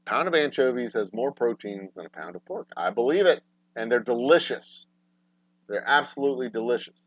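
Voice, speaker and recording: A man hosting a casual livestream talk show, swearing freely and swinging between low, mumbled asides and loud, exasperated rants. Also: expressive, moderate pace, no room sound. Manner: profane, ranting, swings from mumbling to loud outbursts. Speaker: podcast host. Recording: dry, dull lo-fi sound.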